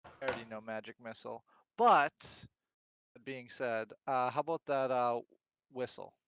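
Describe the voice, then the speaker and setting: A man's voice: medium pitch, normal speed, a bit bright, smooth, no echo, highs cut off. A man speaking as a player in a tabletop game, hesitant and full of fillers. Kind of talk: tabletop role-play chat.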